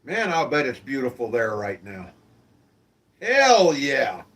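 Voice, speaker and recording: A man's voice: mid-range voice, sing-song, slow pace, fairly bright tone. A man hosting a live-stream show, chatting casually and in a friendly way with his viewers and asking them questions.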